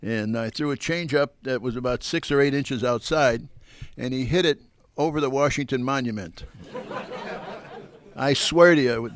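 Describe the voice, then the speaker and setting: An older man, a former pitcher, telling rambling baseball anecdotes at a live question-and-answer event, speaking into a handheld mic with fillers and restarts. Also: moderate pace, far from the mic. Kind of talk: storytelling at a live Q&A.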